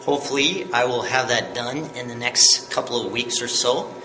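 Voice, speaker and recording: Recorded in an echoey room with faint noise, a yodeling teacher walks through his tutorial video step by step in plain terms. He sounds patient and upbeat, with a sharp mid-range voice at a moderate pace.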